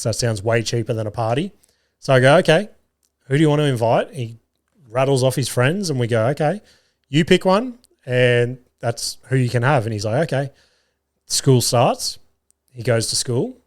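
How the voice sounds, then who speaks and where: A man's voice: mid-range voice, animated, moderate pace. A man, a podcast host telling casual stories and swearing freely. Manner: swears freely, acts out family dialogue. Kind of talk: casual storytelling.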